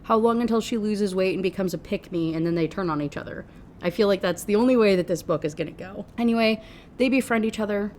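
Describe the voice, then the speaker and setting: A woman's voice: mid-range voice, fairly quick, slight background noise. Sarcastic American woman ranting. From United States. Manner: sarcastic and animated. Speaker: book reviewer. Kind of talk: ranting book review.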